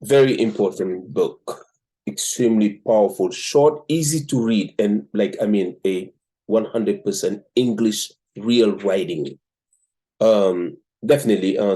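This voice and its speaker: A man from Africa with an African accent hosts a show, reviewing a book and reading it aloud in a measured way with frequent "um" pauses. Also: on the low side, dark tone. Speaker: host and book reader.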